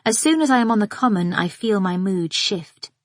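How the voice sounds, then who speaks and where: A woman narrating a psychological thriller in the first person, with a measured, observant and inward delivery. Her pitch sits in the middle range for a woman. The sound is dry and close, with no room in it. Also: lively intonation, no echo. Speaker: audiobook narrator.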